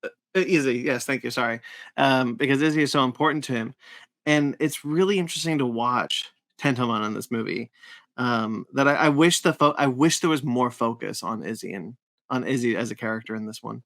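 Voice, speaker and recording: A man's voice: medium pitch, brisk, dry recording. A man co-hosting a podcast in casual chat, earnest, often restarting his sentences. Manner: earnest, stumbles and restarts when excited. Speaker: podcast co-host.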